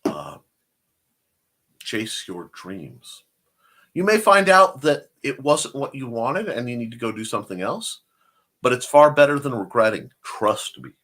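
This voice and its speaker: Lively rambling man hosting a chat show. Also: medium pitch, measured pace. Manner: rambling, jokey asides and self-corrections. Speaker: show host. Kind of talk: casual live-stream chat, reading out plugs.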